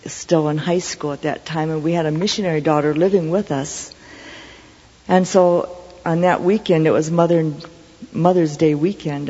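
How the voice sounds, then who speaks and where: Mellow-voiced woman preaching in a hall. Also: low voice, breathy edge. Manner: earnest, measured storytelling. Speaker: Christian speaker. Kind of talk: storytelling sermon testimony. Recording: dull lo-fi recording with long hall reverb.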